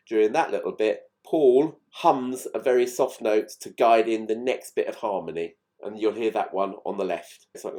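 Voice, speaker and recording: A man's voice: on the low side, moderate pace, hardly any pauses, a little mellow. A man chatting through fine recording details of old songs in a casual, enthused, explanatory way. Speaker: music channel host.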